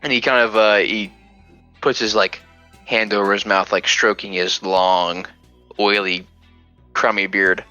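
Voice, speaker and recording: Game master guy, bright voice, trips over his words a lot. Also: fairly low pitch, little pitch movement, highs cut off, faint music behind. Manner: halting, many restarts. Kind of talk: narrating a tabletop game.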